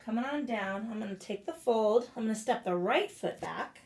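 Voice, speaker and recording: A woman with a slightly high voice leads a yoga class in a casual, cussing way and cracks blunt jokes between the poses. The sound is roomy and echoey. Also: lively intonation, moderate pace, a little mellow. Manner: casual and profane, with blunt joking rants. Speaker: yoga instructor. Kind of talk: guided yoga class instruction. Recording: echoey room.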